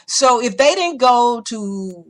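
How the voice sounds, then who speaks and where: A woman hosting a podcast in casual opinion-show style, talking bluntly and profanely and telling animated stories. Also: a little high, slow pace. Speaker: podcast host. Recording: podcast recording.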